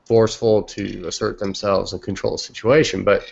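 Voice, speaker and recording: A man's voice: lowish voice, flat delivery, normal speed, gravelly, husky. A young man on a podcast telling casual stories bluntly and with plenty of profanity, talking over a remote call. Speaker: podcast co-host. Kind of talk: casual storytelling. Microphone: remote call microphone. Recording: muffled lo-fi online call audio.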